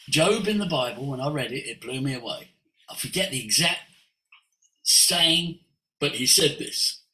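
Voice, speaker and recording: Male voice coach, very bright and lively, preachy teaching talk, roomy video-call echo. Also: on the high side. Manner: animated and preachy, sweeping emphasis.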